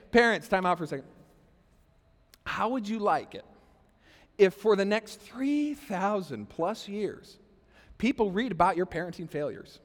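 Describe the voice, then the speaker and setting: A man preaching a sermon as pastor, animated and conversational, talking straight to the congregation. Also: high voice, big-room sound. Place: church hall.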